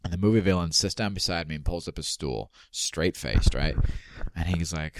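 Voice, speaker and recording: A male comedian telling a story in casual chat, animated, swearing freely and acting out the voices of people he quotes. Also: low-pitched, moderate pace, no echo, studio quality.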